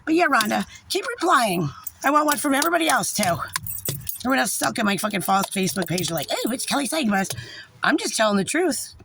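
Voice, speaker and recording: A woman's voice: on the high side, sing-song, fast talker, vocal fry, noisy background. A mother in an angry, profane, rambling direct-to-camera rant. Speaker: parent.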